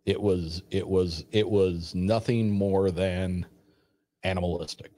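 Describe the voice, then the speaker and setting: A man with a very low voice tells a personal story in a loose, rambling way, slipping into the voices of the people he quotes. The recording is dry and close to the mic, with no room sound. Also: slow, dry recording. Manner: rambling, animated retelling with quoted dialogue. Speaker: storyteller guest. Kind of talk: casual spoken story.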